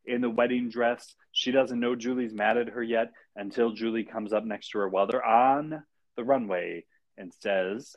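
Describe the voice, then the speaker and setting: A man's voice: mid-range voice, steady tone, moderate pace, highs cut off. A man co-hosting a podcast in casual chat, recapping a TV episode with dry, wry asides. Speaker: podcast co-host.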